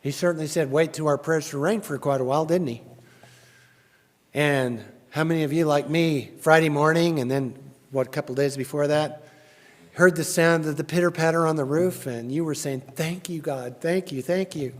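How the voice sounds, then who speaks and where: A man preaching a sermon in a church, chatty and questioning, rising loudly when he reads scripture. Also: a little high, fairly even intonation, moderate pace. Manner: conversational, asks the congregation questions. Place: church sanctuary. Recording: long church reverb.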